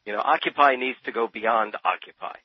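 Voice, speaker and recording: A New Jersey radio guest, an expert on Thomas Paine, talks fairly quickly in a medium-pitched voice with a breathy edge and no room sound. He comes across as passionate and emphatic, repeating words as he builds his point. The recording is a dull, dry lo-fi radio sound.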